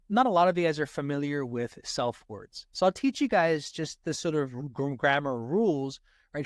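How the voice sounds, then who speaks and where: A man teaching grammar for a test in a casual lesson, checking in with "right?" after almost every point and slowing down to stress example sentences. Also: a little high, no room sound, studio quality. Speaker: SAT tutor.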